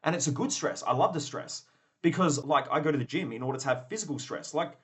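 A man's voice: on the high side, fast talker. A man hosting a motivational podcast, blunt and profane, acting out both sides of imagined conversations. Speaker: podcast host.

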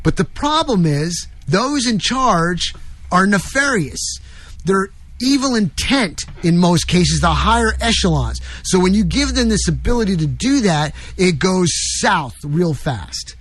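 A man's voice: high-pitched, very animated, a little slow, a bit bright. A man hosting an opinionated talk show, talking emphatically with frequent restarts. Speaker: show host.

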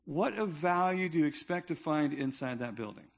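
A man preaches in a relaxed, conversational way, landing his points with emphasis and some humor. His voice sits a little higher than most men's. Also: normal speed. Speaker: pastor. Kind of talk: sermon.

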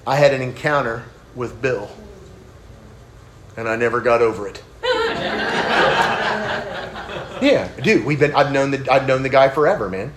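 Guy preaching a sermon, mid voice, gets loud and high on the big points then goes quiet telling his story, super casual, faint hiss behind. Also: moderate pace. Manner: animated, rising loud when stressing a point, dropping low and quiet for the story; casual, says dude and man, many restarts.

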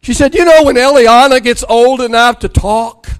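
A man's voice: extremely high pitch, normal speed, smooth. An older man, a pastor preaching a sermon and telling family stories with acted-out dialogue. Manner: storytelling, acts out dialogue with rising excitement.

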